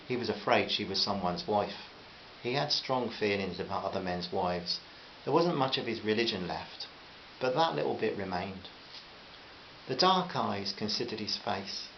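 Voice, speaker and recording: A man reading a short story aloud in a measured, gentle way. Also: fairly low pitch, lively intonation, vocal fry. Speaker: story reader. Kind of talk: scripted narration. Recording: slightly dull with faint hiss.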